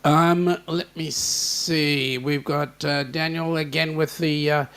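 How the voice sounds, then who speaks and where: A man's voice: fairly high pitch, little pitch movement, slow, few pauses, a bit bright, clean tone. An Australian man hosting a casual livestream chat, joking and greeting viewers by name. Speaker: host.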